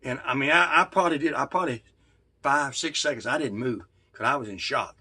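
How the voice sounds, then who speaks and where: A man telling a true story in a casual, folksy way, with halting restarts. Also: medium pitch, pushed and bright, husky.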